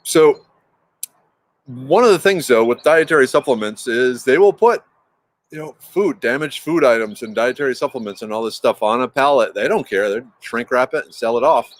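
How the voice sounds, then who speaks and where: A man's voice: medium pitch, lively intonation, normal speed. Rambling man hosting a livestream. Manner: rambling, restarts often, greets chat viewers by name. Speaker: livestream host. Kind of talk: casual livestream chat.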